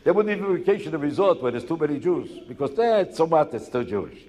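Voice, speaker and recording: Performing stand-up before a live audience, a man talks rapidly and insistently, leaning on rhetorical questions and repetition. His voice is on the high side, sing-song, with a darkish tone, and the live show echoes through the hall.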